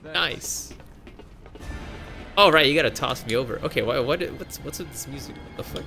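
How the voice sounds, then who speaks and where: A young man casually commentates a co-op game in a creaky, medium-pitched voice at a moderate pace, with faint music playing behind. Whenever his character gets hit he yelps, and he laughs and swears excitedly throughout.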